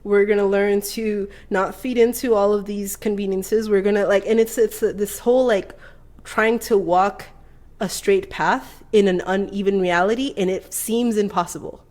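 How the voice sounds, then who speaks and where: A woman co-hosting a casual podcast chat, swearing freely, animated and quick to laugh. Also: mid-range voice. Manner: profane, animated, laughs often. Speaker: podcast co-host.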